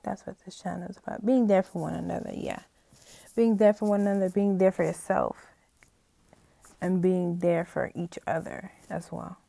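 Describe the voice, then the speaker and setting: A young woman hosts her own channel, speaking casually to camera in a heartfelt, rambling way, often tearful and near crying, and she keeps saying "you know." Her voice is fairly low, gravelly and mellow, with a steady tone at a normal speed. The recording is dry.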